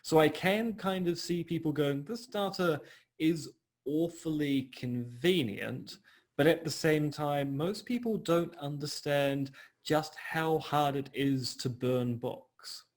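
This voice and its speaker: A man co-hosting a podcast in casual chat, measured and quick to correct details. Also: a little high. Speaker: podcast co-host.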